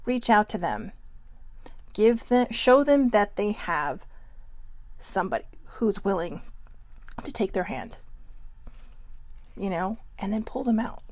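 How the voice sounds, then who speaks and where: A woman's voice: medium pitch, normal speed, darkish tone, no room sound. A woman hosting a casual motivational vlog, talking in a chatty, emphatic way and laughing often. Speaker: vlog host.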